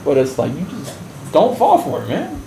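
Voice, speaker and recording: A man's voice: on the high side, huge pitch swings, moderate pace. A man from the United States telling a story on his game stream, blunt and full of swearing. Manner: profane, blunt, heavy swearing. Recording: roomy with faint background noise.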